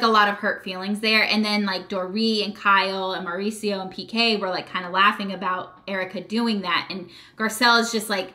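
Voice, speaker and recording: A young woman chats through a reality show recap with a bright, clear tone. She talks loosely and gossipy, stringing thoughts together with lots of fillers. She sounds like she is speaking straight into a close mic at home. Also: mid-range voice. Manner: gossipy, animated, many "like" and "um" fillers. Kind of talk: casual chatty recap.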